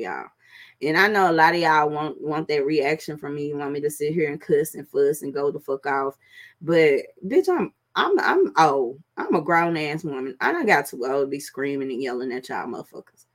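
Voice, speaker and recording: A middle-aged woman hosting a podcast, talking casually and profanely to her viewers, with drawn-out fillers. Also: deep voice. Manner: loose, profane, drawling with fillers. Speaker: podcast host.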